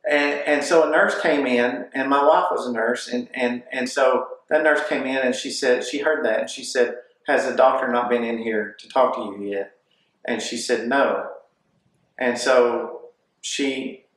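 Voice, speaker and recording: A man telling a personal testimony, lively and acting out the voices of others as he recounts events. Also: medium pitch. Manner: animated, acts out what people said. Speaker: testimony speaker. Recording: echoey room.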